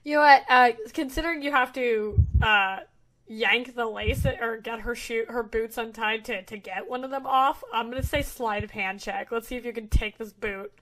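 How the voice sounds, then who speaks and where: A young woman narrates a tabletop game as its game master, her voice sitting a little high. She talks in halting bursts, full of fillers and restarts. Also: a bit bright. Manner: hesitant, lots of fillers and restarts.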